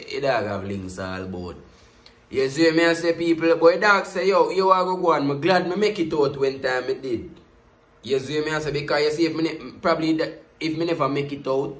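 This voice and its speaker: Animated Jamaican man in a roomy recording. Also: a little high. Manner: Jamaican patois, animated, constant catchphrase refrains. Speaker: music reaction YouTuber. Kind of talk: casual music reaction commentary.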